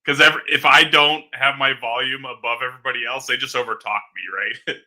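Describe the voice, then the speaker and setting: A man's voice: mid-range voice, fairly even intonation, fairly quick, pushed and bright. A man joining a livestream as a guest, talking in a friendly, easygoing way with small stammers. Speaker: guest, fellow streamer. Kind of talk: casual livestream chat.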